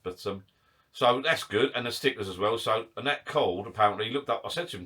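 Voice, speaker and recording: A man's voice: on the low side, fast, sharp tone. A man chatting casually to camera in his garden shed bar, rambling, self-mocking and a little out of breath. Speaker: vlogger.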